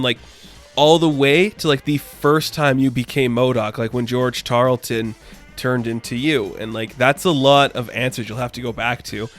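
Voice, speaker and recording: A man casually recapping a comic book issue, rambling and animated, with many filler words and quick put-on quotes. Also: mid-range voice.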